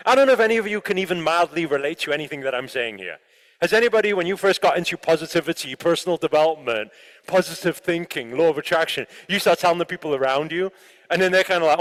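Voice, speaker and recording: A man giving an animated motivational talk to a live audience, often asking the listeners questions. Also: a little high, fast talker. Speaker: motivational speaker. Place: large room with an audience. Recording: long hall reverb.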